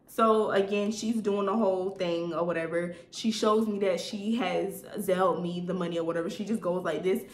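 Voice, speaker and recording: Young woman, animated storytime vlogger, echoey room. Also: on the low side, normal speed, few pauses. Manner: animated, chatty, addresses viewers as y'all. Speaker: vlogger telling a story time. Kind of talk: casual storytime chat to viewers.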